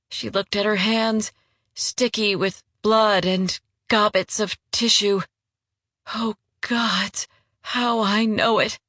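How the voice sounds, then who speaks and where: In this scripted narration, a medium-pitched female voice tells an audiobook story at a calm, even, measured pace. The sound is clean and studio-grade, with no echo at all.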